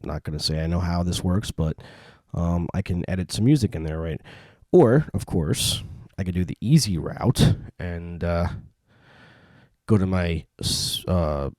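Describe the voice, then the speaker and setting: Low-voiced man rambling on a podcast. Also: unhurried, no echo. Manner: rambling, relaxed, many fillers. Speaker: podcast host. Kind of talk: casual solo podcast talk. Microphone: home podcast mic.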